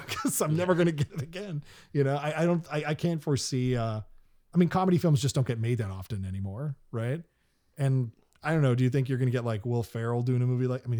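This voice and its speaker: A man's voice: mid-range voice, darkish tone. A man hosting a casual podcast, rambling about a film scene with lots of restarts. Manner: rambling, many restarts and fillers. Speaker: podcast host.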